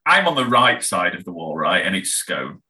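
A young man, talking as a guest on a podcast. His voice sits very low but moves around a lot, with a bright, forceful tone. He rambles, laughs easily and swears without a second thought. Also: very animated, fairly quick. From England. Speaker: band member guest. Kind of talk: casual podcast chat.

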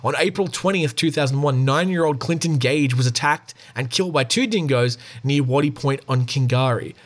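A man's voice: medium pitch, normal speed. An Australian man hosting a podcast, reading news stories aloud in a casual way and adding chatty asides. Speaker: podcast host.

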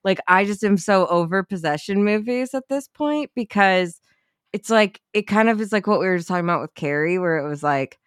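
A woman's voice: medium pitch, lively intonation, fairly quick, clean tone, no room sound, clean studio sound. Giggly young woman on a podcast. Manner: laughs often, swears casually, lots of fillers. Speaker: podcast co-host. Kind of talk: casual chat.

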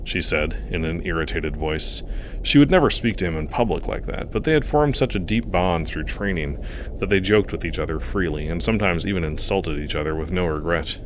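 A man reading a story aloud in an earnest, steady narrating manner. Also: deep voice, brisk, a little hiss or hum.

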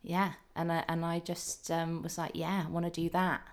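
A woman's voice: on the low side, flat delivery, moderate pace. A woman, chatting as a guest actor and telling stories about herself. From England. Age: 30s. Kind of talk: casual chat.

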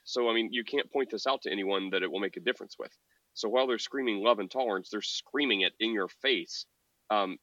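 A man co-hosting a podcast in casual, opinionated chat, mocking opponents with a put-on high voice. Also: bright, forceful tone, no echo, lo-fi sound. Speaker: podcast co-host.

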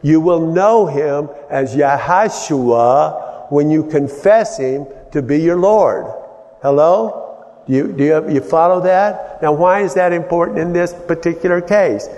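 Slow-talking preacher man, hall reverb. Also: on the high side, a little mellow. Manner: halting, explanatory, many restarts and fillers. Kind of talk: sermon-style Bible teaching.

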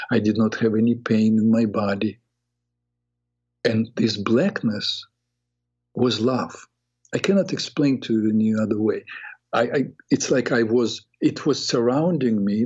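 An older man, a psychotherapist hosting a talk show, telling a personal story in an earnest, reflective way with halting restarts. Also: fairly low pitch, a little mellow, husky. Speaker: radio show host and psychotherapist. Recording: dull lo-fi radio audio.

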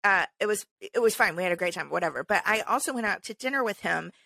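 Bright-voiced woman chatting and laughing. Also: medium pitch, animated, quick pace, vocal fry, no echo, studio quality. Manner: chatty storyteller, laughs often. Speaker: podcast co-host. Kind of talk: casual chat.

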